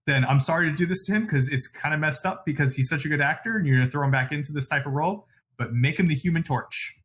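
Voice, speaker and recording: A man co-hosting a casual podcast chat, giving blunt opinions and quick apologetic asides. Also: on the high side, fairly bright tone. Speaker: podcast co-host.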